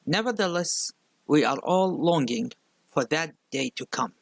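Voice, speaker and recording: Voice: medium pitch, expressive, unhurried, creaky, no echo. A YouTube critic with a non-native English accent, earnestly delivering spoken commentary.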